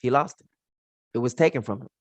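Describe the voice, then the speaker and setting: A man's voice: medium pitch, fast talker, no echo. A man teaching from the Bible in an informal, slangy way, acting out the characters' lines as he retells the stories.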